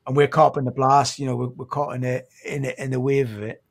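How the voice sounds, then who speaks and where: A British man in his fifties, a former Royal Marine, telling his story in a podcast interview, halting and sombre, his voice catching with emotion at times. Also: medium pitch, little pitch movement, gravelly. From Britain. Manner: halting, restarts often, sombre recounting.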